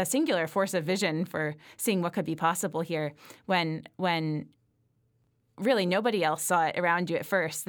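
Low-voiced woman interviewer. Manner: long winding questions with fillers. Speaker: interviewer host. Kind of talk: conversational interview.

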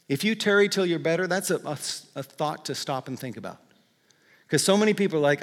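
A man's voice: on the high side, expressive, brisk. Earnest man preaching in a reverberant hall. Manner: earnest, rising emphatic preaching that softens into quiet prayer. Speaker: pastor. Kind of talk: sermon ending in prayer. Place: large church hall.

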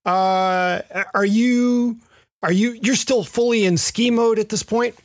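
A man's voice: high voice, steady tone, slow pace, dry recording, clean studio sound. A man co-hosting a cycling podcast, giving a gear pick in casual chat with many ums and a self-deprecating manner. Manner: hesitant, self-deprecating, product pick delivery. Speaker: podcast co-host.

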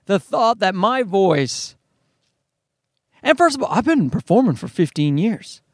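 High-pitched, with big swings in pitch and a slightly slow pace, this thirty-something comedian talks alone on his own podcast. He rambles, runs himself down, curses a lot and keeps starting sentences over. The recording is studio-grade from a podcast microphone, close and dry with no room sound.

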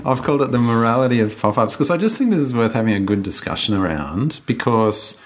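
A man co-hosting a podcast, chatting casually with a relaxed, talkative manner and frequent ums and restarts. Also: mid-range voice, quick pace. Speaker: podcast co-host.

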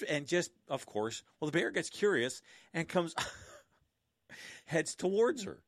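A man's voice: on the high side, sing-song, a little slow, fairly bright tone, dry recording, studio quality. A middle-aged man telling stories in a casual monologue, with a sardonic, mocking tone and chuckling asides.

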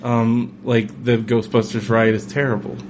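A man's voice: mid-range voice, flat delivery, a little slow, noisy background. A man co-hosting a casual chat in a laid-back way, relaying questions from viewers.

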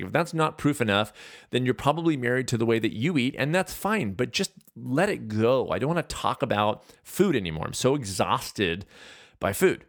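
A man in his forties from California, hosting a podcast and talking in a casual, animated, self-mocking rant. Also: medium pitch, a little fast, no echo, studio quality. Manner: animated, ranting, self-deprecating. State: out of breath. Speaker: podcast host. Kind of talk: casual monologue.

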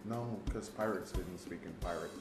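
A man's voice: sits low, normal speed, reverberant, over music. Argumentative man in casual chat. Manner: argumentative, animated, voice jumps up when insisting. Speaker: podcast co-host.

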